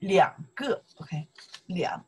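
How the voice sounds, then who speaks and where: Slow, husky woman with a Chinese accent. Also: lowish voice, animated, poor audio. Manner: repeats okay often, non-native English grammar. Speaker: Chinese language teacher. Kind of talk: casual online language lesson.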